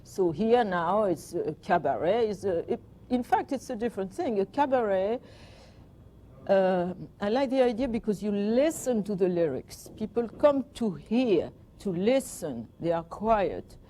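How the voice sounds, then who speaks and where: An older woman from France with a French accent, chatting in an interview and telling anecdotes with gentle amusement. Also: mid-range voice, animated, unhurried. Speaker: guest, performer. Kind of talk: reminiscing interview.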